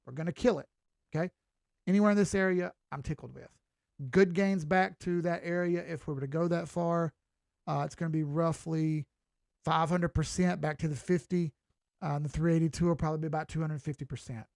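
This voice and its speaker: A man's voice: on the high side, steady tone, a little fast, creaky, a little mellow, dry recording, studio quality. A middle-aged man with a Southern US accent, giving casual, folksy crypto chart commentary with some swearing. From Southern United States. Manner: folksy, chatty, mild swearing.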